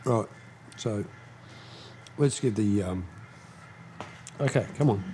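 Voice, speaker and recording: A man hosting a casual live stream from his shed, chatting slowly and snapping commands at his dogs. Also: on the low side, a little hiss or hum. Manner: slow, chatty, scolding his dogs in sharp bursts. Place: home workshop shed.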